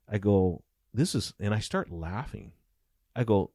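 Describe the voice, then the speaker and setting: Middle-aged male ex-cop, very low voice, dry close sound, gritty profane storyteller, acts out the quotes. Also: measured pace, slightly rough, no echo. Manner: animated, profane storyteller acting out dialogue. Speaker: former police officer. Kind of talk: casual storytelling interview.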